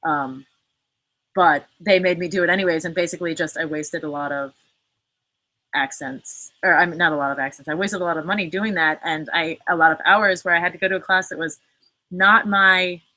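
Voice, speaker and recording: A woman's voice: on the low side, steady tone, moderate pace, long pauses, bright, forceful tone, no echo, rough recording. A woman hosting a casual live chat, answering viewer comments in a rambling way full of fillers and cursing. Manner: chatty, fillers, frequent cursing. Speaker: livestream host.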